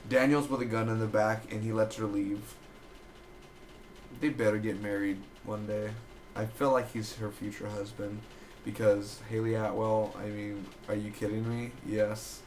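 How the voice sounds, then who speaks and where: A man giving a loose, chatty review of a TV episode, retelling scenes with quick quoted asides. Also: on the low side, level tone, reverberant, a little hiss or hum. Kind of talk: casual solo review.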